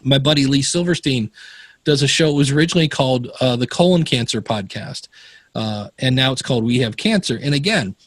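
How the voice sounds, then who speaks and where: A man's voice: mid-range voice, brisk, dry recording. A man telling stories in a casual podcast interview, often acting out the voices of the people he quotes. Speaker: podcast guest.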